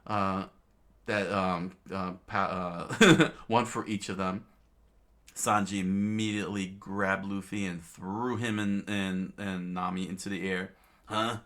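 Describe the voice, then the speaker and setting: A man casually reading a comic aloud, halting with many fillers and restarts and chuckling now and then. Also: low voice, fairly bright tone. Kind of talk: casual read-aloud narration.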